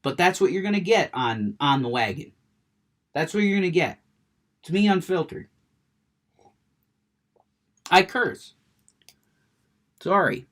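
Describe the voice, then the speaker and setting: An adult man who smokes speaks in a high, expressive, unhurried voice with frequent pauses, a slightly bright tone, and a little hiss or hum. He launches into an unfiltered, profane rant, cursing heavily and getting worked up. Then he shifts to chatting about the video game he's playing.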